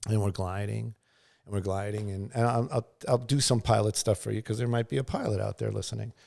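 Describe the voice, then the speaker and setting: A man's voice: fairly low pitch, steady tone, fairly quick, gravelly, a little mellow. A middle-aged man, a news pilot and guest, telling a casual, rambling story full of fillers and restarts, and acting out sounds and quotes.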